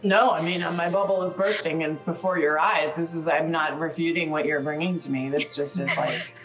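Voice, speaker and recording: A woman playing a tabletop game over a video call, talking in character in a halting, rambling way full of fillers. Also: low-pitched, steady tone, fairly bright tone, faint music behind, rough recording. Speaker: tabletop player.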